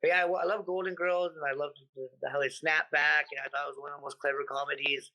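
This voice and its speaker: A man from the United States, a comedian guest in a casual interview, talking in an animated, profane way and acting out his stories. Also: a little high, fast talker, poor audio.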